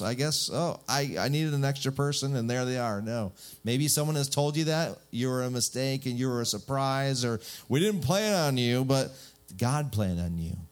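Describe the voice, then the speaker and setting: Man, pastor, sermon, jokey, rhetorical questions, mid-pitched voice. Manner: lively, joking, rhetorical questions.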